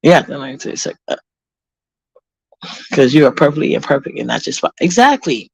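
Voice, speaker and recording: A woman's voice: sits low, very animated, moderate pace, gravelly, darkish tone, breathy edge, no echo. A woman from Harlem, chatting casually as a vlogger and reading viewer comments in a blunt, rambling way. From Harlem, New York. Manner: blunt, profane, rambling with many fillers.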